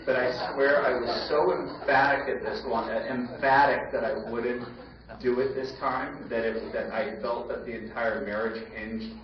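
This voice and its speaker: A man in his forties giving a lively banquet speech full of quick asides and restarts. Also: mid-range voice, distant mic, a crowd in the background. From United States. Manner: animated storytelling, rapid asides and repetitions. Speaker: banquet keynote speaker. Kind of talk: live speech with anecdotes. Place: large banquet hall. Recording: echoey, dull banquet-hall recording with noise.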